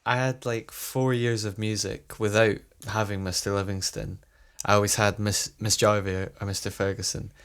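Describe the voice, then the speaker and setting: A man's voice: lowish voice, little pitch movement, moderate pace, few pauses, a bit bright. A young man telling a rambling school story in casual chat, laughing as he goes. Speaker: podcast co-host.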